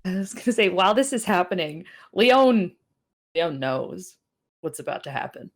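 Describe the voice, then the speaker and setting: A woman playing a tabletop role-playing game, speaking in a measured, low-key way. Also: big pitch swings. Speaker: player.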